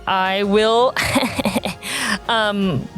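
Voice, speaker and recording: A woman's voice: mid-range voice, fairly even intonation, extremely slow, a bit bright, faint music behind. A woman playing a tabletop role-playing game, chatty and a little scattered as she works out her turn. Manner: chatty, a bit scattered, playful. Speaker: player.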